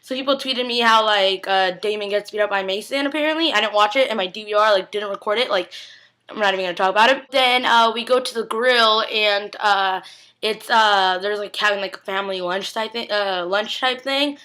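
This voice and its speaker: Bright-voiced young woman, rambling excitedly. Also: medium pitch, brisk. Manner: rambling and gushing, full of "like" fillers. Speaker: TV episode recap vlogger. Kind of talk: casual chat.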